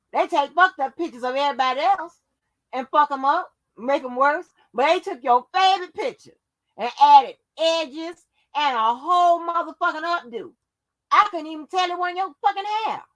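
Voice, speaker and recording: A woman's voice: high voice, a bit bright. A woman hosting her own channel, delivering a profane, confrontational rant that scolds her viewers. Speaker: channel host.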